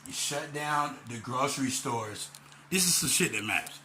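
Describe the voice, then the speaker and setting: A man's voice: mid-range voice, expressive, moderate pace, reverberant, slight background noise. A man ranting to the camera in a rambling, angry, profane monologue. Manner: loud and heated in the second half. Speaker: vlogger.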